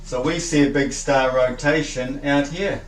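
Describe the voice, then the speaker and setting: Man, earnest slow explainer, echoey distant recording. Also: medium pitch, fairly even intonation.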